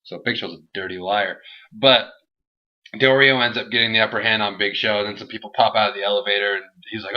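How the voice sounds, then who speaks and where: A young man reviewing a wrestling show in a casual, animated, rambling and jokey way. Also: on the low side, fast talker. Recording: dull lo-fi home recording.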